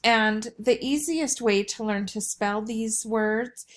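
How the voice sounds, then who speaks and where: A woman teacher giving a recorded vocabulary lesson for children, explaining slowly and patiently. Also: on the high side.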